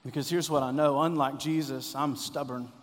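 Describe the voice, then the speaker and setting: A man preaching a sermon as pastor, impassioned, rising to loud cries when he voices a quoted prayer. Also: medium pitch, fairly even intonation, moderate pace, in a large hall.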